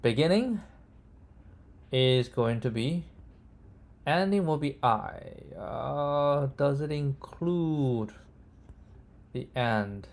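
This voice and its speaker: A man thinking aloud as he codes, halting and correcting himself, often checking in with "right?" and "okay?". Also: on the high side, lively intonation, darkish tone. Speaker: coding tutor. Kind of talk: thinking aloud while live coding.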